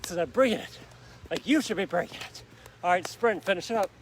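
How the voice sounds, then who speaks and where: A man's voice: high voice, lively intonation, fairly quick, slight background noise. A male fitness instructor coaching a live outdoor workout, upbeat and urging viewers on with countdowns while out of breath and sweating. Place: outdoors in a park on grass.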